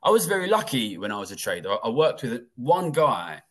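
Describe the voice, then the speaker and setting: A man in his thirties from England, a guest telling his life story in a blunt, profane, animated way. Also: mid-range voice, fairly quick. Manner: blunt and profane, acting out quoted dialogue. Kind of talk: casual interview storytelling.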